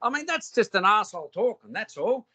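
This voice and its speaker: High, bright, profane man. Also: very animated, fairly quick, breathy edge. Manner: profane, combative, repeats questions back. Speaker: call participant. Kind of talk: heated argument on a call.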